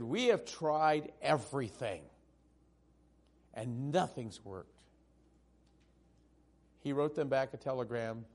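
A male pastor preaching a sermon, swinging from loud, emphatic peaks down to hushed, tender passages. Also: mid-range voice.

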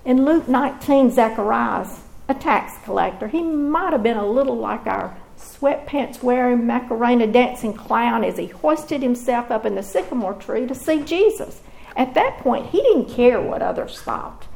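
A woman giving a scripted devotional Bible teaching in a measured, expressive storytelling manner. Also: a little high, creaky, rough recording.

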